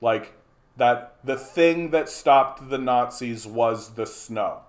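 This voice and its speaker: A man ranting at his live chat from a home streaming setup, heated and mocking, with a steady swear-laden delivery. His pitch sits in an ordinary middle range, and he keeps tripping over and repeating his words as the anger builds. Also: slow pace. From Canada. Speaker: livestream host. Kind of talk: angry rant to a live chat.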